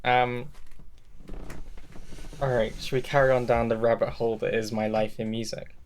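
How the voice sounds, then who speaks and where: A man's voice: medium pitch, level tone, normal speed. Guy chatting on his podcast, rambly, swears a lot, easy laughs. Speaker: podcast host. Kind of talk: casual chat.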